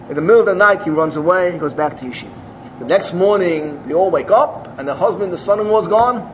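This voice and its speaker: A man with a fairly high voice tells a parable in a religious talk. He narrates with animation and slips into the characters' voices. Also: slight background noise, rough recording. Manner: animated storytelling, acts out characters.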